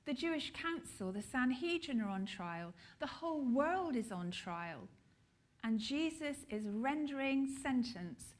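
A woman with a British accent preaching a sermon, slow and deliberate with emphatic pauses. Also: high voice, animated.

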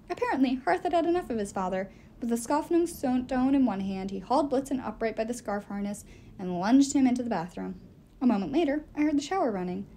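Expressive woman reading a novel aloud. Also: fairly high pitch, fairly quick, slight background noise. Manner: expressive, storytelling. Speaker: audiobook reader.

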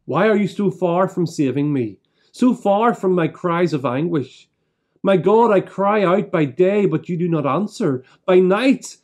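Man with a higher voice leading solemn prayers. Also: a little mellow. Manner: measured, solemn reading with deliberate pauses. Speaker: church minister. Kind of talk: leading prayers and reading scripture aloud. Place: church broadcast service.

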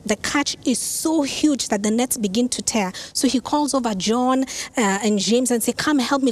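A woman pastor delivers her sermon in a slightly high voice, telling the story with energy and the ease of conversation. She drops in casual asides as she goes. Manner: animated storytelling, acts out quoted lines.

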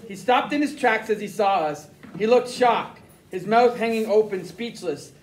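A man reading a first-person novel aloud as an audiobook narrator, with plain, steady storytelling. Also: high voice, moderate pace, recorded from a distance, a little hiss or hum, low-quality recording.

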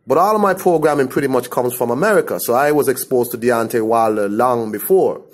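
A man's voice: medium pitch, brisk. A man from the Caribbean giving a blunt, scornful opinion rant to camera. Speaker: commentator.

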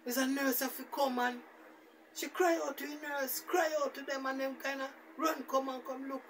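A man's voice: very high-pitched, moderate pace, far from the mic, a little hiss or hum. A man with a Jamaican Patois accent rambling through a casual, repetitive story as a vlogger. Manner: rambling, repetitive, animated retelling.

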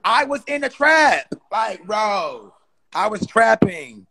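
A young man ranting in a profane, exasperated, fast-talking comedy style. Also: high voice, sing-song, gravelly, a crowd in the background. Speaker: comedy creator.

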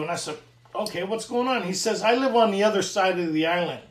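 Middle-aged canadian guy telling his recovery story, fairly high voice, kinda far off in an echoey room. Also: moderate pace. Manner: earnest, animated storytelling with acted dialogue. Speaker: recovery meeting speaker. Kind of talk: sharing a personal recovery story.

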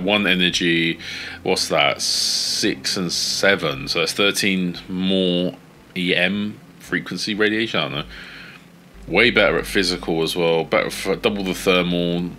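A man casually commentating his video game play, swearing often and yelling at in-game companions. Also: deep voice, slight background noise. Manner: swears a lot, shouts at teammates. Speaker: gaming streamer.

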